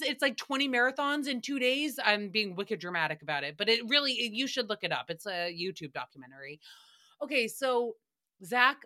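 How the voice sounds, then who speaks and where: A woman hosts a solo recap podcast in a fairly high, bright, forceful voice. She talks in a chatty, profane way, often laughing and acting out stories with drama. Her delivery is loose and unfiltered. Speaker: podcast host.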